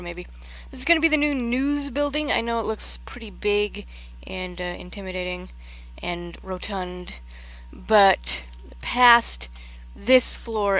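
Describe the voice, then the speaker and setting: A woman streaming Minecraft chats casually while touring a build, rambling and letting her sentences trail off. Her voice is mid-range and a bit bright, and the recording is rough.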